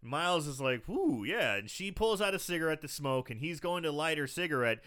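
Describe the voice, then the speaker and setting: A man co-hosting a podcast, casually retelling a film's scenes with animated storytelling. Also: fairly high pitch, brisk, clear, resonant tone. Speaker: podcast co-host. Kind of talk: casual movie recap chat.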